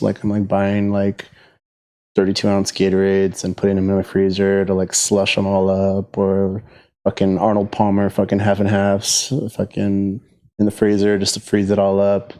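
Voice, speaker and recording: A man's voice: on the low side, darkish tone. A man in casual podcast chat, telling a rambling, profane, laid-back story.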